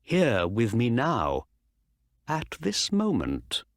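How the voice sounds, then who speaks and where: A man voicing a calm, clever middle-aged male detective who explains things patiently. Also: mid-range voice, extremely slow, no echo, studio quality, heavily acted.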